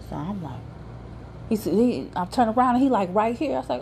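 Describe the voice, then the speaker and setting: A woman telling a casual storytime on her podcast, animated and slangy, laughing and incredulous as she goes. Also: fairly low pitch, moderate pace, gravelly, background noise.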